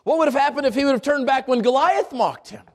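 A man preaching a sermon, retelling scripture as an animated story full of rhetorical questions and restarts. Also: very high voice, quick pace.

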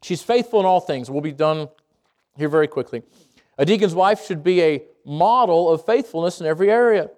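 A man preaching a sermon to a congregation, lively and conversational, with jokes, asides and quick self-corrections. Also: fairly high pitch. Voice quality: speaks around braces. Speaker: pastor.

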